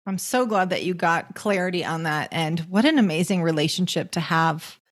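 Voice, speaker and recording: Host, female: affirming interviewer, slightly low voice. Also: normal speed. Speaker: podcast host. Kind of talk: interview questions.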